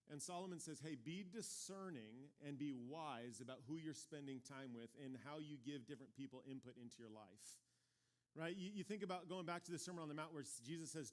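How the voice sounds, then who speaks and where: A man preaching a relaxed, conversational sermon to his church. His voice sits a little high for a man, and he tells stories with animated energy, playing out the quoted voices as he goes. He sounds like a pastor in his forties speaking in a church sanctuary.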